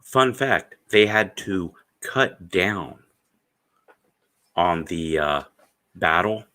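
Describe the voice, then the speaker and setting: A man's voice: low-pitched, expressive, very slow, sharp tone. A man hosting a casual stream chat, telling rambling, profane stories and acting out the people in them. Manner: profane, storytelling, acts out quoted voices. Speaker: stream host.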